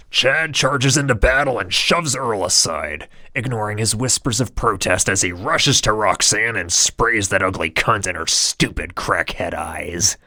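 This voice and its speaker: A man's voice: sits low, pushed and bright, no echo, clean studio sound. A man narrating a comedic story in a grandiose, mock-heroic, theatrical way. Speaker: audiobook narrator and author.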